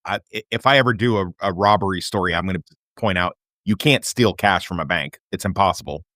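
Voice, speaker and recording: A man's voice: deep voice, brisk, a bit bright, dry recording, clean studio sound. A man co-hosting a casual chat about a TV show, often going off on side notes. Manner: chatty, goes off on side notes. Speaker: podcast co-host.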